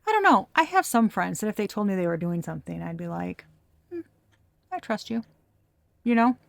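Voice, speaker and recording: A woman's voice: medium pitch, very animated, quick pace, creaky, no echo, clean studio sound. Blunt, profane woman tarot reader. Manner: blunt and profane, laughing often. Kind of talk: casual tarot reading.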